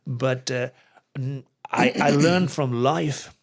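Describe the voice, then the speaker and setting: A man's voice: medium pitch, slow, vocal fry. Rambling English man from the northeast. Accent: Geordie English. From England. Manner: rambling, digressive storyteller, laughs often. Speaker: guest musician. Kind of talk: casual interview chat.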